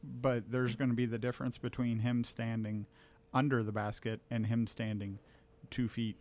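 A man co-hosting a casual sports podcast, giving blunt opinions in a halting way, with many fillers and restarts. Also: mid-range voice, flat delivery, darkish tone. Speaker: podcast co-host.

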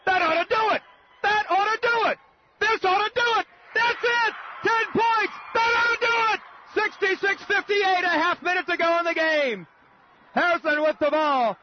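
High-voiced Midwestern man calling basketball. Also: moderate pace, background noise. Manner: shouts and repeats calls in excitement. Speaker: radio play-by-play announcer. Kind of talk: excited basketball commentary. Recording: dull old radio broadcast recording.

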